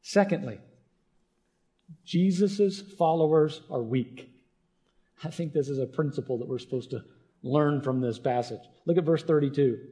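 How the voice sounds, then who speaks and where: A man's voice: medium pitch, fairly quick, mellow. A man preaching a sermon as a pastor, earnest and conversational, often checking in with the congregation.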